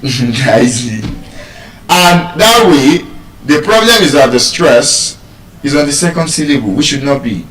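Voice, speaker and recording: A man's voice: a little high, normal speed. A man with a Nigerian accent teaching English pronunciation, quizzing his listeners and calling for answers. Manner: animated, asks the audience questions. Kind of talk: live pronunciation class. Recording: echoey room, mic at a distance.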